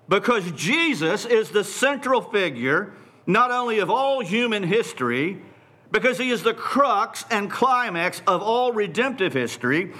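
Male preacher, fairly high voice, unhurried, emphatic sermon delivery. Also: sharp tone. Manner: deliberate, emphatic, repeating phrases for stress.

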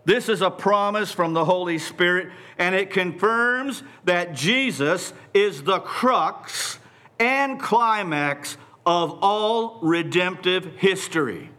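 Male preacher, fairly high voice, unhurried, emphatic sermon delivery. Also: bright, forceful tone. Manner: deliberate, emphatic, repeating phrases for stress.

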